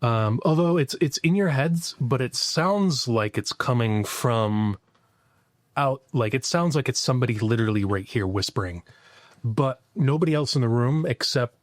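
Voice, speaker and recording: A man narrating as game master, describing scenes in a halting way with frequent fillers. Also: medium pitch, dry recording, clean studio sound.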